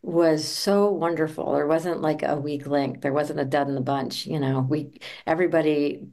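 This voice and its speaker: Low-voiced earnest woman actor. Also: steady tone, normal speed, warm tone. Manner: earnest, repeats words as she thinks. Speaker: actress on a comedy series. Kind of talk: casual interview chat.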